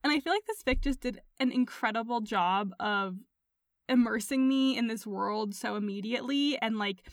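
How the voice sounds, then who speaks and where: A woman co-hosting a podcast, talking casually in an animated, playful way with frequent laughs. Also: on the high side, moderate pace, no room sound, studio quality. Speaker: podcast co-host. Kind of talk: casual chat.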